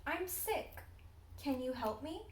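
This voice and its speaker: This is a sick, gentle young cactus boy, acted out by a teenage girl reading a storybook. He sounds high and small, and his pleas come out plaintive and soft. The room around the voice is echoey. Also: animated, slow pace, far from the mic. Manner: plaintive, pleading.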